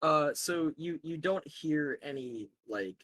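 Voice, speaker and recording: A man's voice: fairly high pitch, expressive, slow pace, a bit bright, no room sound. A man narrating as game master of a tabletop game, loose and filler-heavy.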